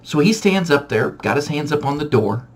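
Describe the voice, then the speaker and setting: A man casually telling a funny true story from his childhood, animated and self-mocking, with frequent restarts. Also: on the high side, normal speed.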